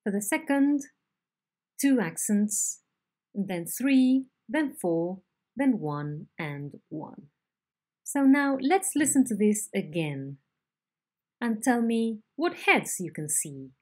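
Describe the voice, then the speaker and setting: A woman teaching a phonetics lesson, explaining slowly and modelling intonation patterns on example sentences. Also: mid-range voice, sing-song. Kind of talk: recorded online lecture.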